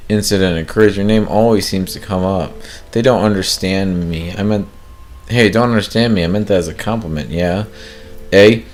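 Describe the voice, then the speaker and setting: A man's voice: lowish voice, pitched above the performer's own voice, lightly acted. Man putting on a folksy, motherly woman bar owner with a Canadian accent. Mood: friendly. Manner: folksy, calls everyone honey.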